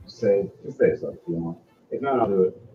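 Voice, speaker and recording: A man narrating as game master in halting, conversational phrases. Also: lowish voice, lively intonation, echoey room. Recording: dull lo-fi sound with faint music.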